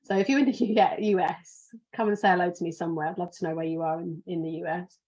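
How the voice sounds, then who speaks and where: A woman's voice: lowish voice, fairly even intonation, fast talker, a little mellow, highs cut off. A sleepy British woman hosting a podcast, talking in a casual, rambling way and often restarting her sentences. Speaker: podcast host.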